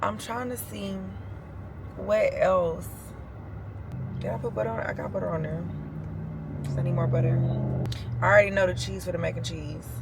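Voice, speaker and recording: A woman's voice: fairly low pitch, moderate pace, creaky, pauses often, noisy background. A young woman vlogging in a loose, chatty and informal way, talking straight to her viewers. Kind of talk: casual vlog chat to camera.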